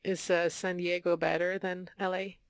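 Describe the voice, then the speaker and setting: A young woman co-hosting a casual chat, playful, with quick reactions and short stories. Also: fairly low pitch, little pitch movement, dry recording.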